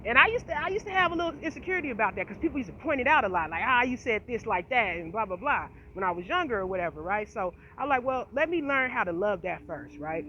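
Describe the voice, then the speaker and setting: A female channel host delivers a casual to-camera rant that is passionate, profane, and emphatic, peppered with "you feel me." She talks fast and very animatedly with few pauses, her fairly high voice pushed and bright, with a slight speech impediment. Faint noise sits in the slightly dull lo-fi recording.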